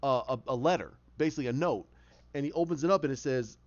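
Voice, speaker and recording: A man excitedly telling a movie idea as a casual story, acting out scenes with sound effects. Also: medium pitch, fast. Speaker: fan pitching a film idea. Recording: muffled lo-fi recording.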